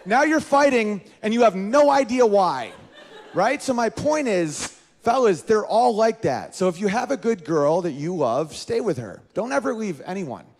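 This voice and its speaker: Stand-up comedian, man in his thirties, lively and a touch high-voiced. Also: moderate pace. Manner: animated, jumps into high-pitched character voices.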